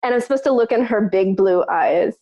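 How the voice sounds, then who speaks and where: A woman co-hosting a podcast, telling a personal story in casual chat, lively and peppered with "like", acting out what others said. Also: medium pitch, a little fast. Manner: animated, acts out other people's lines in the story; frequent filler "like". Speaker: podcast co-host.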